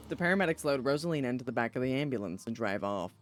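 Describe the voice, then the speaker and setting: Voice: mid-range voice, lively intonation, racing, hardly any pauses, dry recording, soft background music. A streamer casually playing a story game and reading its narration aloud. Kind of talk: let's play, reading game text.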